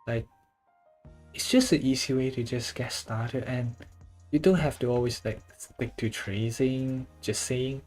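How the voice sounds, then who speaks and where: A laid-back artist talks through a drawing session at an unhurried pace, rambling loosely and leaning on filler words. Soft music plays faintly underneath. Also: mid-range voice. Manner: swears casually. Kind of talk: casual chat while drawing.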